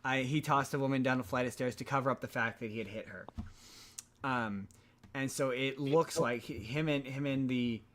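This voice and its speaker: A man's voice: medium pitch, normal speed, fairly bright tone. A man hosting a podcast, recapping a movie plot in a loose, rambling way with many restarts. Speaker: podcast host.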